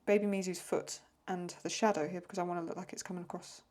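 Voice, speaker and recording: A young Englishwoman with a lowish, slightly mellow voice talks quickly and with little pitch movement. She chats casually and rambles to herself while drawing, hosting the session and answering viewer questions.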